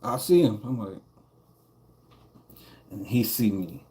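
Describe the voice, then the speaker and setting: A man's voice: lowish voice, expressive, takes it slowly, warm tone. A man streaming a game and telling a long, rambling story in casual chat. He swears a lot and often chuckles as he talks. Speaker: gaming streamer.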